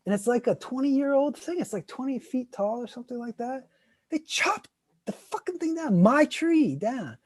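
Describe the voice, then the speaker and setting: A man co-hosting a casual chat, telling a story animatedly and acting out other people's lines loudly. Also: very high-pitched, lively intonation, normal speed, dry recording. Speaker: co-host.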